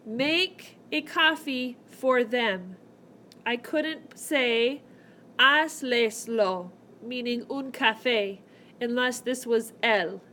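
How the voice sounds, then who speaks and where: A woman walks through grammar at an unhurried pace, with playful asides between her step-by-step explanations. Her voice sits a little high. Faint hiss runs under the tablet recording. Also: bright, forceful tone. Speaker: Spanish teacher. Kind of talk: recorded whiteboard lesson. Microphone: tablet microphone.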